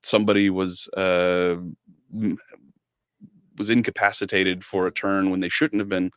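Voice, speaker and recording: A man's voice: low voice, little pitch movement, measured pace, clean tone, dry recording, studio quality. A man talking casually as a podcast guest about running his tabletop game, hesitant, with many fillers and restarts.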